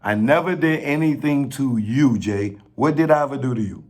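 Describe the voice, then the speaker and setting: A man in a casual rant to camera, pleading and joking, with slang and sudden rises in pitch when he gets worked up. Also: a little mellow. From New York. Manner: slow, pleading, street slang, laughs at own jokes, pitch jumps when worked up. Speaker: filmmaker addressing industry figures.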